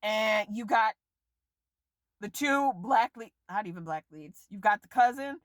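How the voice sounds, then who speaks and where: A woman vlogger ranting casually about a film, exasperated and profane, her voice leaping up and down in pitch. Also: animated, measured pace, no room sound, clean studio sound. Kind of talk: casual rant to camera.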